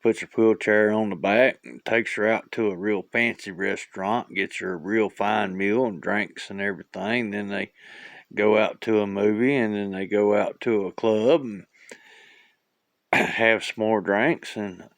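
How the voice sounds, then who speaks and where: A man's voice: on the low side, steady tone, unhurried, no room sound. A man casually telling a long joke in a rambling way, with lots of uhs. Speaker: joke teller.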